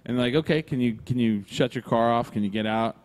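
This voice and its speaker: A man's voice: mid-range voice, quick pace. A man telling a long, profane story in casual chat, acting out the other people's lines. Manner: profane, animated, acts out dialogue. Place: brewery.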